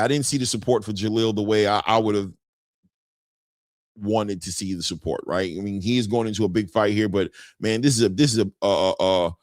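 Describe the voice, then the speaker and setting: Animated man hosting a boxing stream. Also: dry recording. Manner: reads viewer chat aloud, tags lines with "man"; animated, jumps in pitch when greeting viewers. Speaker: boxing show host. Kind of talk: casual live-stream chat.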